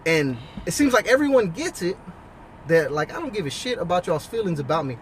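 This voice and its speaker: A man with a notably high-pitched voice talks straight to the listener in a blunt, profane, preachy monologue. He speaks outdoors, with faint traffic noise humming behind him. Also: sing-song, brisk. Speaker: husband and father giving life advice. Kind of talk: casual monologue to camera.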